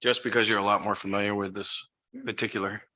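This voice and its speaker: A man explaining matters at a town board meeting in a measured way. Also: lowish voice, little pitch movement, sharp tone.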